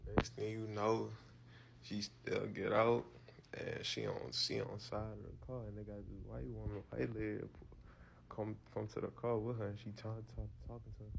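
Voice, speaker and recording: A man's voice: mid-range voice, normal speed, creaky, a little hiss or hum. A man casually telling a personal story, loose and profane, with lots of fillers and repeated words.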